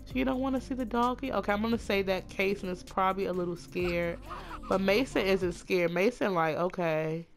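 A woman chatting casually through a life-sim game, gushing over her characters and voicing them in quick asides. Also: medium pitch, gravelly, faint music behind. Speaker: Sims let's play narrator. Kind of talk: casual gameplay commentary.

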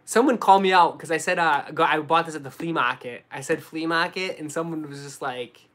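A young man with a Boston accent, chatting casually on a live stream and answering viewers, relaxed and full of slang. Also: on the high side, brisk. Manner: relaxed, slangy, says dude and bro a lot. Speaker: sneaker YouTuber answering live chat.

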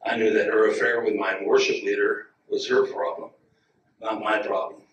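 A man preaching a sermon as a guest preacher, talking to the congregation in an easy way and rising to loud, emphatic lines. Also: lowish voice, fairly even intonation, moderate pace, dull audio, slight background noise. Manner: chuckles and asides to the congregation. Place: church sanctuary. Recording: echoey church room, mic at a distance.

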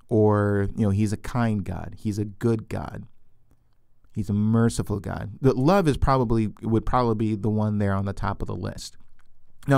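A man's voice: lowish voice, creaky, a little mellow, no room sound, clean studio sound. A man teaching from the Bible in a loose, unscripted way, often restarting and repeating words, and asking questions that he answers himself.

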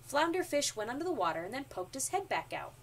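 A woman reading a children's storybook aloud, with expressive narration, recorded from a distance with faint noise. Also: high voice, quick pace, slightly rough. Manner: expressive, animated.

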